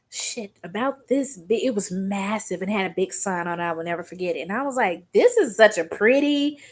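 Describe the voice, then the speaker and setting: A woman's voice: mid-range voice, fairly bright tone. A young woman from Arkansas doing her makeup on camera, talking in a rambling, conversational way and telling a story. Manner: rambling and conversational, Southern slang. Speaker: beauty vlogger. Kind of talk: chatty makeup tutorial storytelling.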